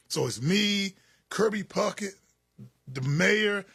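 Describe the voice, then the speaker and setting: A man's voice: high voice, expressive, normal speed, creaky, fairly bright tone, breathy edge. A man telling a story in a radio studio, laughing and quoting others in put-on voices. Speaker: guest, former football player.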